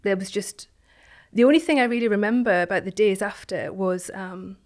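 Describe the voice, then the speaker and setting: A woman, a guest telling a personal story in an interview, reflective and halting, with many restarts and phrases that trail off softly. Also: medium pitch. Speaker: guest, founder of an online business community.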